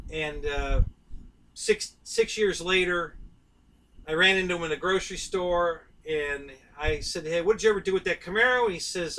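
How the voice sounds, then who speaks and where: A man's voice: a little high, pushed and bright, recorded from a distance, a little hiss or hum, poor audio. A middle-aged man, hosting a casual live stream and rambling to his viewers by name.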